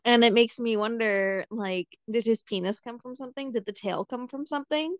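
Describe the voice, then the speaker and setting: A woman's voice: fairly high pitch, moderate pace, no room sound. Giggly woman on a dull, lo-fi recording. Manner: curious, musing, giggly, many "like" fillers. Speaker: book discussion co-host. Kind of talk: casual chat.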